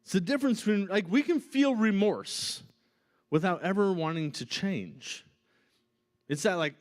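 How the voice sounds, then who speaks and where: A man preaching as a pastor, in a conversational and animated style, often checking in with "right?". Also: high-pitched, measured pace. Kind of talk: sermon. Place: church auditorium.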